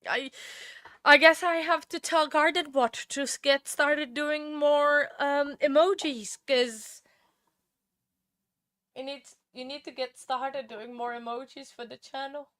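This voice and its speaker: A woman's voice: high-pitched, fairly even intonation, slow pace, fairly bright tone, no room sound, studio quality. A woman hosting a casual livestream chat who is emotional and tearful, laughs often and keeps thanking her viewers. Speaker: livestream host.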